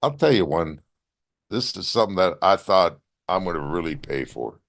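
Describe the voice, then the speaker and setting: Low-voiced man telling blunt war stories. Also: normal speed, vocal fry. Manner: animated storytelling with blunt profanity. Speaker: guest, former wrestler. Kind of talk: casual storytelling interview.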